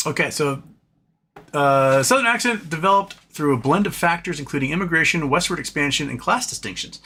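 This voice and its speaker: A man hosting a live stream, talking fast and loosely, with many fillers and restarts. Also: fairly high pitch, animated, sharp tone, breathy edge. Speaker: livestream host. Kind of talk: casual live-stream chat.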